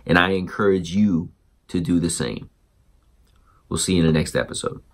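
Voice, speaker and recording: A man hosting a parenting show, telling a story and acting out the dialogue in an animated way. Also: deep voice, normal speed. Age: adult parent. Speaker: podcast host. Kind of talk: storytelling monologue.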